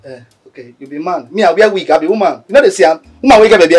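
An actor with a Nigerian accent playing a cheeky young houseboy who mocks and teases in a sing-song way. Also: male voice, high-pitched, very fast, a little mellow, slightly rough. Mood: mocking. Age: young adult. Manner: mocking, teasing, sing-song. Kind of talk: film acting.

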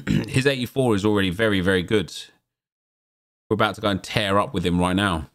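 Male gaming host, lowish voice, chatty pack-opening commentary with sudden excited yelps. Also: a little fast. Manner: chatty, jumps into excited exclamations at pulls. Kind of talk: casual gameplay commentary.

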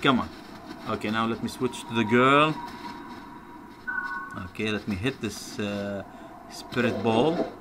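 A man's voice: fairly low pitch, measured pace, long pauses, noisy background. A man commentating a video game playthrough, given to frustrated outbursts and swearing. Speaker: gamer. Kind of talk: let's play commentary.

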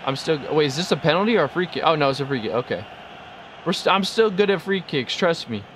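A young man chatting excitedly over his own football video game, talking to the players on screen as he plays. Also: on the high side, quick pace, slight background noise. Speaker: gaming video creator. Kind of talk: live gameplay commentary.

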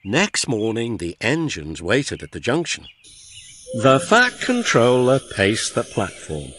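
A man narrating a children's train story in an expressive storybook style. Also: fairly low pitch, a little slow, slight background noise. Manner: expressive, reads all the characters. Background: background music.

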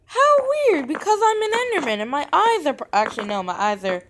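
A gaming channel host plays through a video, rambling in character and giggling at her own expense. Her voice sits high and her delivery is brisk, over a steady hum of background noise.

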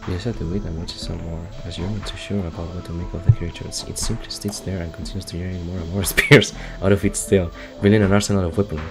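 A young man with a very low, deep voice reads game text aloud in a loose, casual way. He trips over words, backs up to fix them, and breaks off to laugh or curse under his breath. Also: level tone, fast talker, hardly any pauses, music in the background. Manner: stumbles and restarts while reading, laughs and swears often. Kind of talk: casual gameplay commentary, reading text aloud.

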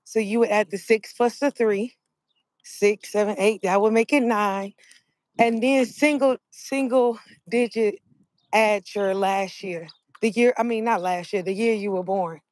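A woman vlogger chatting casually with her viewers outdoors, explaining things slowly step by step and calling them y'all. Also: medium pitch, steady tone, darkish tone, no room sound. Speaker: mukbang vlogger.

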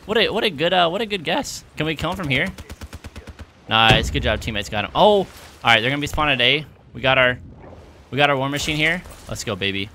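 A young man commentating his video game play, out of breath, excitable and yelling at big moments. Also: fairly high pitch, fairly quick, a little hiss or hum. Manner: excitable, shouts at big plays, self-mocking. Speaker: gaming YouTuber. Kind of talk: gameplay commentary. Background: game gunfire and explosions.

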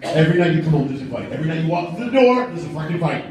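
A man's voice: fairly high pitch, very animated, rapid-fire, darkish tone. A man in his forties doing a brash, profane stand-up set in a comedy club, teasing the crowd. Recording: echoey club room, mic far off. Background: audience murmur and laughter.

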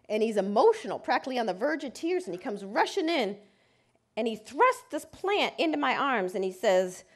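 A woman lawyer giving a lecture, telling a personal story vividly and dramatically. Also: on the high side. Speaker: civil rights lawyer and speaker.

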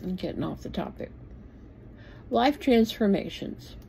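Slow, blunt woman in her sixties. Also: medium pitch, lively intonation, creaky, warm tone, slight background noise, poor audio. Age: 60s. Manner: blunt and plainspoken, swears casually. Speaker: bible teacher. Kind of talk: informal bible talk.

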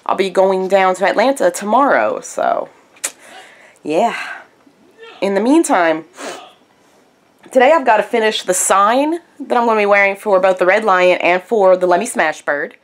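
Congested raspy-voiced woman vlogging. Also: mid-range voice, expressive, normal speed, pauses often. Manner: rambling chatty with many fillers. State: congested, stuffy nose. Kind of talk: casual daily vlog. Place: at home.

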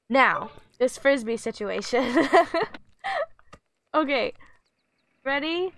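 A woman's voice: high voice, animated, slow pace, creaky, pauses often, a bit bright, slight background noise. Giggly, coaxing woman streamer. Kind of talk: casual game livestream commentary.

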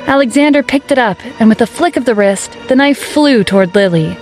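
A woman reading a dramatic story aloud as narrator, in a steady storytelling manner. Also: on the high side, a little fast, soft background music. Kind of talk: scripted narration.

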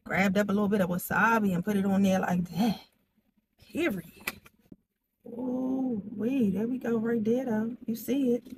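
A young woman hosting an eating show, chatting excitedly and straight to her viewers as she tastes each dish. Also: mid-range voice, normal speed, background noise. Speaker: food vlogger. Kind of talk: casual eating-show chat.

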